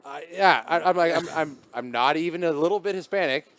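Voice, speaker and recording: A man's voice: a little high, fairly quick, a bit bright, no room sound. A man co-hosting a podcast in a garage, telling stories in a rambling, profane, casual way. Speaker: podcast co-host.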